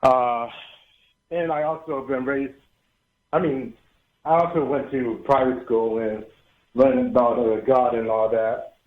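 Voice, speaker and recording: A man in his thirties calling in to a show, speaking haltingly with many restarts and fillers. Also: medium pitch, steady tone. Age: 30s. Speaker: caller. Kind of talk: call-in chat. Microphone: phone. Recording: tinny phone line.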